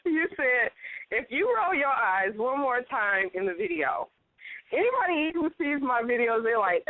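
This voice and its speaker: A woman's voice: a little high, moderate pace, dry recording. Laughing woman co-host on a phone line. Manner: lively, laughing, interjecting. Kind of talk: casual chat.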